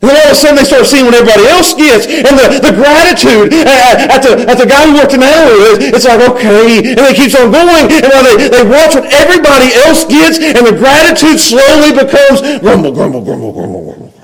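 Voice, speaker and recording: A man's voice: extremely high pitch, fairly quick, hardly any pauses, low-quality recording. A middle-aged man preaching a sermon, acting out people's complaints in grumbling voices and chuckling as he goes.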